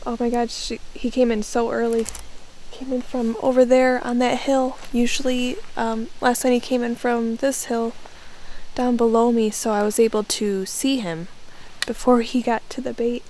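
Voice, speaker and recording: A woman bow hunter speaking outdoors right after a shot, shaky, breathless and tearful with excitement. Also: on the high side, moderate pace, slight background noise, poor audio. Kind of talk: live reaction after a hunt. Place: outdoors at a hunting stand.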